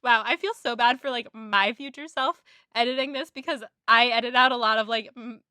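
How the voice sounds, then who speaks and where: Co-host: woman, bright higher voice, giggly and gushing, dry close mic. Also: fairly quick, clear, resonant tone, no echo. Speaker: podcast co-host. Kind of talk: casual book-club chat.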